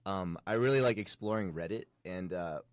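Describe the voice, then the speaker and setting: Chill young dude on campus radio, lowish voice, dry studio sound. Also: male voice, normal speed, dry recording. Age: young adult. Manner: relaxed, reads out facts with filler words. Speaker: radio show co-host. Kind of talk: casual chat.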